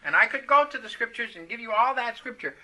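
Animated preacher man, very bright voice. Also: very high voice, fast talker. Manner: animated storytelling, emphatic declarations. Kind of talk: sermon.

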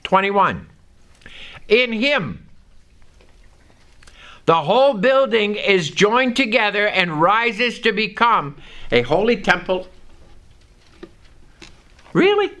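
A male preacher with a high, bright voice that swoops up and down, delivering a sermon. He takes his time, leaning hard on single words and stretching out phrases for emphasis. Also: animated, takes it slowly, pauses often.

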